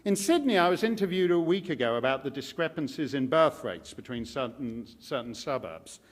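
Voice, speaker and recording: A man's voice: mid-range voice, sing-song, fairly quick. A man giving a public lecture at a live event, speaking with wry, sardonic humor.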